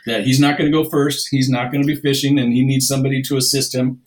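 A man's voice: medium pitch, flat delivery, fast talker, low-quality recording. A man telling fishing stories in a casual interview, rambling with many restarts. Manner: rambling anecdotes with many restarts and acted-out quotes. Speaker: guest. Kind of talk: casual storytelling.

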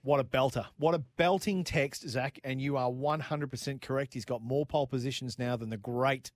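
A man with an Australian accent co-hosting a motorsport radio show, reading listener texts in jokey, excitable banter full of matey slang. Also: mid-range voice, normal speed, no echo, studio quality.

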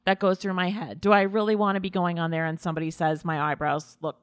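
A woman's voice: lowish voice, flat delivery, quick pace, clear, resonant tone, dry recording, clean studio sound. A woman, a beauty podcast co-host, talking candidly in casual conversation.

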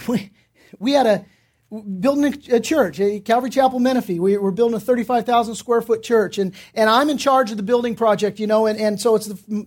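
High-pitched male pastor preaching with lively, story-driven delivery. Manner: animated, acts out voices in anecdotes, repeats words when starting. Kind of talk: sermon with storytelling. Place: church.

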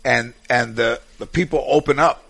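Gravelly man telling rambling stories. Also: mid-range voice, normal speed, a bit bright. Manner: rambling anecdotes with frequent restarts and fillers. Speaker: guest. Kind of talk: casual storytelling chat.

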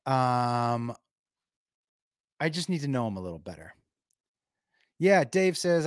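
A man's voice: on the high side, sing-song, takes it slowly, long pauses, no echo, studio quality. A man hosting a livestream in casual chat, rambling and thinking aloud to his viewers. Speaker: livestream host.

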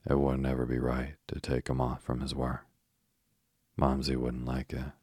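A man voicing a caring older girl, the eldest sister, gently worried and coaxing. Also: very deep voice, completely flat delivery, normal speed, slightly rough, no echo, studio quality.

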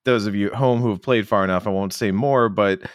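A man with a low voice talks eagerly on a podcast and slips into goofy character voices as he goes. The sound is dry and close, with no room around it. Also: no echo. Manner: enthusiastic, acts out characters in quick silly voices. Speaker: podcast co-host. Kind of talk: casual podcast chat.

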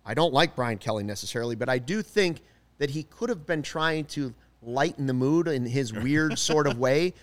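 A man's voice: mid-range voice, expressive, moderate pace. A man co-hosting a sports podcast, talking casually and emphatically, giving strong opinions on a studio mic. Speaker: podcast co-host.

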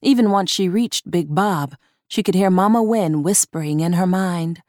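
A woman narrating a horror short story in a measured, deliberate reading. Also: lowish voice, a little mellow, no echo, studio quality.

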